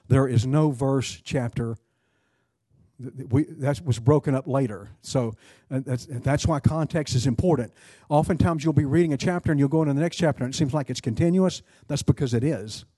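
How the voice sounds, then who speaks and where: Man teaching a Bible class, mellow voice. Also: mid-range voice, brisk, slightly rough, no echo, studio quality. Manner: conversational, quizzes the class, frequent restarts.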